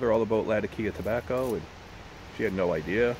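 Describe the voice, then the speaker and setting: A man's voice: fairly low pitch, a little fast, darkish tone, slight background noise, poor audio. A man casually rambling in a vlog about pipe tobacco, often restarting his sentences and swearing. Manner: rambling, profane, self-correcting.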